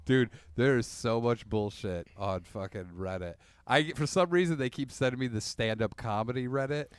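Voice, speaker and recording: A man's voice: mid-range voice, normal speed, smooth, dry recording. A man co-hosting a podcast, telling profane stories and laughing through his lines. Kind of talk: casual comedic banter.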